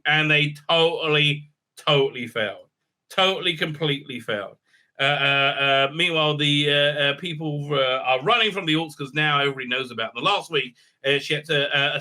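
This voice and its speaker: A man's voice: a little high, sharp tone. A man giving a casual, sarcastic episode recap and review, rambling with many filler words. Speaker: TV series reviewer.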